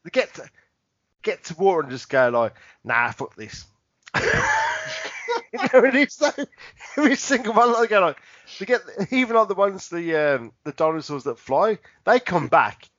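A tipsy British man co-hosting a podcast, rambling through his points and laughing a lot. His voice sits high and swings all over, dry and close on a dull lo-fi recording. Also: big pitch swings, moderate pace, fairly bright tone, dry recording. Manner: rambling, laughing often, loses his words. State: drunk. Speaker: podcast co-host. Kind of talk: casual drunken banter.

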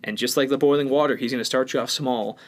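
A blunt, opinionated man chatting casually on a podcast. His voice has an ordinary, middle pitch, and he lectures a little, with lively swings from loud emphasis to quiet, low asides. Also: fast talker. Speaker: podcast co-host.

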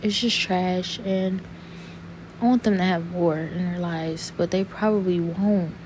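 A young woman talking to camera in an earnest, saddened personal monologue, halting and restarting as she searches for words. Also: on the low side, fairly even intonation, noisy background. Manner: rambling, halting, full of restarts and fillers.

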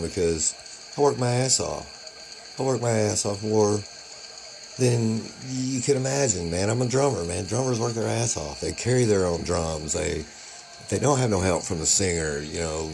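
A man's voice: medium pitch, vocal fry, a little mellow, slight background noise, rough recording. A young adult man who is a drummer, ranting in a heated, profane, rambling way in a confessional vlog, with faint music behind him.

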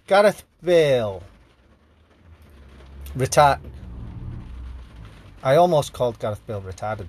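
Man, podcast host, sleep-deprived, rambling jokey news riffs, slightly high voice. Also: darkish tone, no room sound. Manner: rambling, jokey, reads headlines and riffs on them. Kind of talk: casual news commentary.

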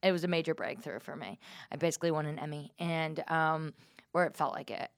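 A woman's voice: low-pitched, brisk, no echo, clean studio sound. A woman in her twenties, a comedian hosting a casual chat, telling self-deprecating stories and acting out the voices in them. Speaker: comedian and podcast host.

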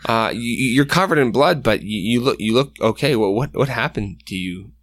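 A man's voice: medium pitch, lively intonation, brisk, fairly bright tone, no room sound, clean studio sound. A man narrating a tabletop game as game master, casual and full of fillers. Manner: casual, filler-heavy, often laughing.

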